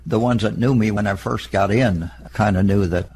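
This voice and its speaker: An elderly man in an oral history interview, recalling past events in a plain, matter-of-fact storytelling way with a husky voice. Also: fairly low pitch, normal speed, darkish tone, slight background noise. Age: older. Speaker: interviewee, veteran.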